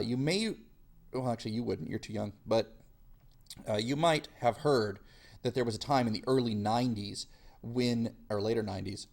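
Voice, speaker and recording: A man's voice: medium pitch, a little mellow. A male history teacher giving a chatty, self-deprecating classroom lecture.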